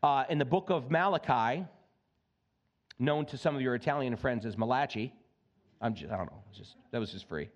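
A male pastor preaching a sermon in an animated way, slipping in joking asides. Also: medium pitch, brisk, lo-fi sound.

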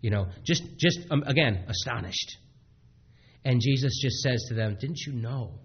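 Male preacher delivering a sermon, husky and halting, many restarts, mid-pitched. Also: highs cut off.

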